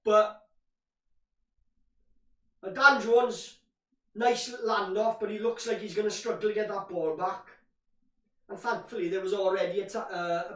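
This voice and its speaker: A man giving live fan commentary on a match, ranting in frustration and calling his listeners "boys". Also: high voice. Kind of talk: live watch-along commentary. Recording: roomy echo, distant from mic.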